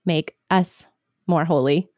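A woman's voice: low voice, steady tone, slow, a little mellow, dry recording, clean studio sound. Sincere woman podcast host. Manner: sincere, reflective. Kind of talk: Christian podcast conversation.

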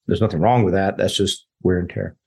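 Deep husky man telling stories. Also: steady tone, fairly quick, a little mellow. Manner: rambling, quotes others in dialogue. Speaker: interview guest. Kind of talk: casual personal storytelling.

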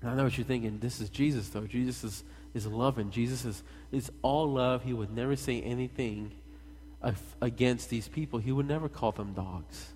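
A man preaching a sermon in a lively, conversational way, talking straight to his congregation. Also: medium pitch, normal speed, a little hiss or hum. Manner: animated, conversational, addresses the congregation directly. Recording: long hall reverb.

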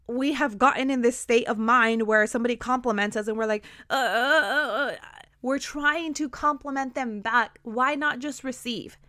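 An energetic woman hosts a motivational podcast with a slightly high voice. She leans hard on repeated words and keeps her delivery emphatic. The recording is close and dry. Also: dry recording. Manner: energetic, enthusiastic, emphatic repetition. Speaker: podcast host.

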